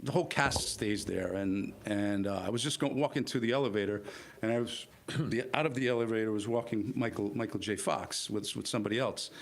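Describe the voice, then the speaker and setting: A man's voice: fairly low pitch, brisk, vocal fry. A man born in Italy and raised in New Jersey, an actor telling stories in a casual chat, repeating words and acting out quotes. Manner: rambling, repeats words, animated quoting. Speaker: actor guest.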